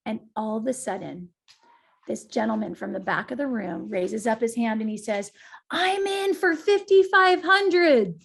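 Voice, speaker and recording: A middle-aged woman, a guest speaker, gives a talk in a creaky, husky voice of medium pitch at a moderate pace. She tells a personal story with lively, emphatic energy, often turning to address her listeners directly.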